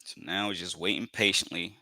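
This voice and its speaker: A man's voice: sits low, steady tone, fairly quick, pushed and bright, dry recording. A man giving live commentary on his trades, repeating phrases, filling with "you know" and calling viewers family as he talks himself into staying patient.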